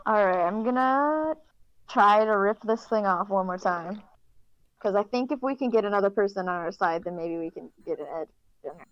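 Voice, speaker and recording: A woman's voice: mid-range voice, normal speed, no echo, muffled recording. A young woman playing a tabletop game, joking and teasing in a casual way. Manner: playful, teasing. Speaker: player.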